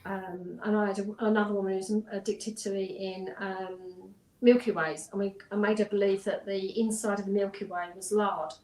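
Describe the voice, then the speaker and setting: Lady therapist, casual chat, roomy sound, mid pitch. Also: fairly even intonation, normal speed, few pauses, darkish tone. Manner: chatty, storytelling, many ums and restarts. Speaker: hypnotherapist guest. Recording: roomy echo.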